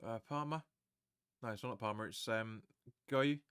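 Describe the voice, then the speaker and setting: Bright-voiced excitable football fan. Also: male voice, lowish voice, normal speed, clean tone, no room sound, studio quality. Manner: excitable, chatty, swears, reads viewer comments aloud. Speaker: fan watch-along host. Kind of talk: live match watch-along commentary.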